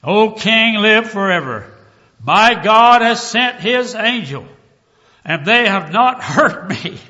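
A preacher speaking as a faithful prophet. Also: male voice, high voice, lively intonation, slow pace, sharp tone, voice pushed up, heavily acted. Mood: solemn. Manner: solemn, formal old-style phrasing. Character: calm faithful prophet answering from a pit. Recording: dull lo-fi recording, long hall reverb.

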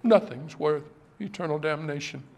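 A man preaching an evening sermon, impassioned and pleading, addressing his listeners directly and swinging from hushed to raised. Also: a little high, moderate pace.

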